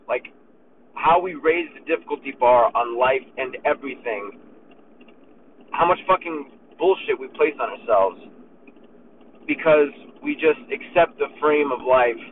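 A man hosting a podcast, talking in a casual, profane and fired-up motivational monologue while driving. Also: a little high. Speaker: podcast host. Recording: tinny phone-like recording with faint road noise.

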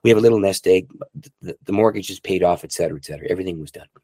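A man's voice: low-pitched, very fast, warm tone, no echo, voice pushed down. A man quoting a stern elderly man who has been married fifty years, in a terse, guarded way.

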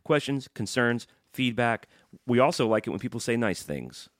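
A man's voice: mid-range voice, sing-song, a bit bright, no echo, studio quality. A man co-hosting a podcast, joking around and reading listener emails in casual chat. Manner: jokey, fast, banter-heavy. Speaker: podcast co-host.

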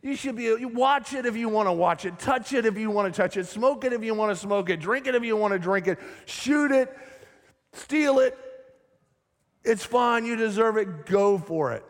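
A man's voice: high voice, expressive, moderate pace, in a large hall, pitched above the performer's own voice. A man voicing a tempting, mocking male devil, wheedling and sneering. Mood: coaxing. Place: church sanctuary.

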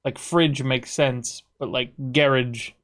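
A man's voice: mid-range voice, steady tone, slow, a bit bright. A young man with an American accent, chatting casually over online voice chat, teasing and swearing freely.

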